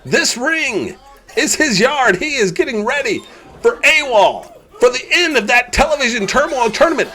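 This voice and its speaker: A man calling a wrestling match play-by-play, excitable and often shouting at the big moves. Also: very high voice, normal speed, a loud crowd. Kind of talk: live sports commentary.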